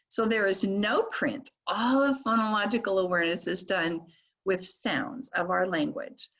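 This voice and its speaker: Older woman teaching, sounds out slowly. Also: medium pitch, muffled recording. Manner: slow, deliberate modeling of speech sounds. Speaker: literacy trainer. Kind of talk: recorded teacher training lecture.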